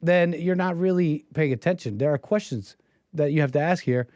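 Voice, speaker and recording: A man's voice: fairly high pitch, normal speed, a little mellow, no echo. A man hosting a livestream, giving opinionated, mocking political commentary. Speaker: livestream host.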